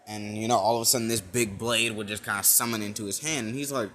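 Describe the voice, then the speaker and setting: A man's voice: on the low side, steady tone, fast talker, a bit bright, slight background noise. A young man improvising a fan-fiction retelling, rambling with lots of fillers and restarts. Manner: rambling, full of "like" and "you know", restarts. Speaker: fan storyteller.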